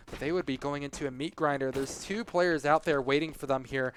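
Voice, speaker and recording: A man's voice: medium pitch, fairly even intonation, normal speed, a bit bright, slight background noise. A man doing live esports play-by-play commentary, conversational and analytical, with casual asides between calls.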